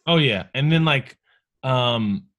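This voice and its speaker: A man in his thirties talks in a casual, earnest way, drawing out his thoughts in long reflective phrases. His voice sits at an ordinary middle pitch. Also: expressive, takes it slowly, fairly bright tone, dry recording. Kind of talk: casual chat.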